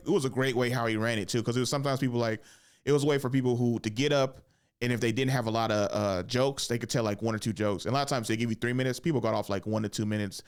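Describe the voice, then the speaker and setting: A man's voice: medium pitch, smooth. A young man hosting a casual podcast, telling a story with lots of swearing and jumping into voices. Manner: animated storyteller, swears a lot, acts out voices. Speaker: podcast host and stand-up comedian.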